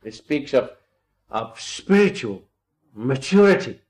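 A man's voice: mid-range voice, very animated, slow pace, darkish tone. A man preaching an expository Bible sermon, reading old-style scripture aloud and stressing key points with earnest rhetorical questions. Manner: quotes old-style scripture and builds to emphatic rises.

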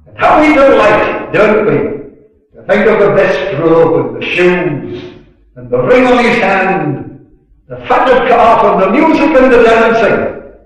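A man giving a sermon at a gospel meeting, earnest and unhurried, swelling on key words and dropping in chatty asides. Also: high-pitched, big pitch swings. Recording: echoey room, distant mic, dull lo-fi.

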